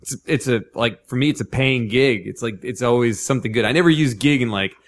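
A man's voice: medium pitch, fairly quick. A man, a guest who does improv, chatting casually and rambling through stories full of fillers. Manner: rambling storyteller, heavy "like" fillers, acts out quotes. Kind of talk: casual podcast chat.

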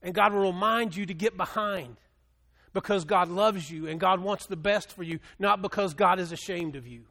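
A middle-aged male pastor preaching a sermon, moving between quiet storytelling and loud, impassioned appeals. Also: high voice, moderate pace.

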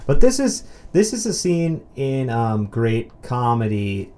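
A man casually talking through a film, swearing freely and jumping into loud, excited mock outbursts. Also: mid-range voice, slow pace. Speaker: movie commentary co-host. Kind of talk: casual film commentary chat.

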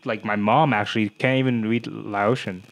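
A man's voice: lowish voice, steady tone, normal speed, creaky. A young man co-hosting a podcast, telling stories in casual chat, laughing and swearing as he goes. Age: young adult. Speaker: podcast co-host.

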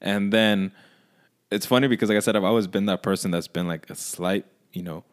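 Deep-voiced man in casual chat. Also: fairly quick, clean tone. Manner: relaxed, laughs along, short reactions. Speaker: podcast co-host.

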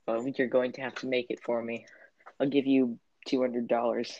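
A woman's voice: rumbling low, flat delivery, normal speed, dark tone, no echo, lo-fi sound. A young woman giggling through an absurd improvised date scene, making silly requests. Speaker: improv role-player. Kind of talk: playful improvised role-play.

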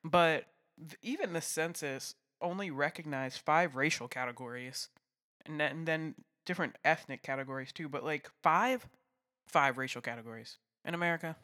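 A man's voice: a little high, normal speed, bright, forceful tone. A man co-hosting a podcast in casual chat, talkative, often laughing and filling with "like".

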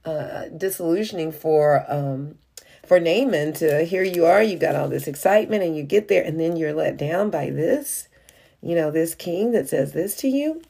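A woman with a low, warm voice teaches a Bible study. She reads passages aloud, then talks them through casually, often pausing on "uh" and "you know.". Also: animated, breathy edge. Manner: reads scripture aloud then explains it in a conversational way; frequent "uh" and "you know" fillers.

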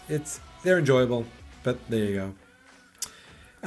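A man's voice: medium pitch, moderate pace, darkish tone, breathy edge, soft background music. A man hosting a casual podcast, rambling sarcastically with lots of fillers and self-corrections. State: hiccups. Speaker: podcast host. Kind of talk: casual wrestling preview chat.

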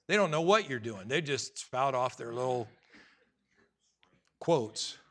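A man's voice: medium pitch, expressive, slow pace, pauses often, a bit bright. A male pastor preaching a sermon to his congregation, conversational and humorous, acting out little scenes.

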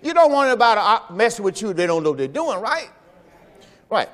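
A man's voice: high-pitched, very animated, brisk, fairly bright tone. A man preaching a sermon in a folksy style, repeating phrases and calling on the congregation to answer. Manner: preaching with call-and-response to the congregation. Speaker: pastor. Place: church sanctuary during a service. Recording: long church reverb.

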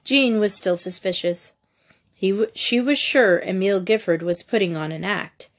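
A woman narrating a mystery novel aloud in a measured storytelling manner. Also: mid-range voice. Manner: measured storytelling, voicing each character. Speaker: audiobook narrator. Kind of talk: scripted narration.

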